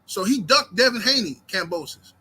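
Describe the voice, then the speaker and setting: A high-pitched man with a sharp, forceful edge, hosting a heated boxing commentary. He swears freely and throws rhetorical questions at his listeners. His tone stays intense and combative. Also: expressive, normal speed, slightly rough. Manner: profane, fired-up, fires rhetorical questions.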